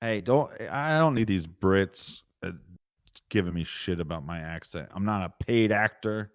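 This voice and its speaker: A man's voice: deep voice, animated, unhurried. A man putting on a brash, foul-mouthed British bloke, swearing and making rowdy threats as a comic podcast bit.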